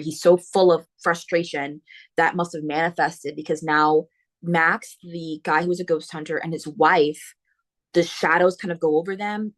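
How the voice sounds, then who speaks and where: Lively woman recapping a book. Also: low-pitched. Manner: animated plot retelling, slangy asides. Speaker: book podcast host. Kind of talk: casual spoiler book talk.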